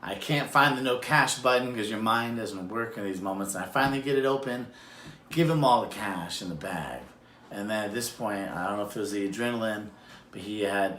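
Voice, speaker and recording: A man telling a personal true story on a self-recorded video, acting out quotes with sudden jumps in pitch. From Madison, Wisconsin area. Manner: animated, acts out quotes with big pitch jumps. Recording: echoey room with faint noise.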